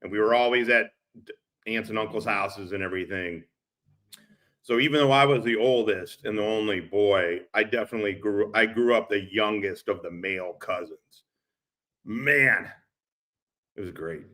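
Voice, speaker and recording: A man's fairly low, slightly bright voice moves at a normal speed as he tells rambling, profane stories and laughs often. He's a streamer reacting to clips on a live stream, recorded through his laptop's built-in mic, in casual storytelling mode.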